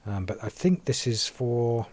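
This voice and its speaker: A man's voice: mid-range voice, lively intonation, measured pace, darkish tone. An English man giving casual, chatty gameplay commentary, wry and a little grumbling. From England.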